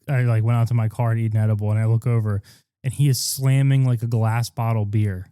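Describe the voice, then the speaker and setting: Male co-host, dark mellow voice, dry close mic, rambling profane storyteller. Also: mid-range voice, quick pace, smooth, no room sound. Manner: rambling, profane, animated retelling with quoted voices. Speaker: podcast co-host. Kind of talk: casual crude storytelling chat.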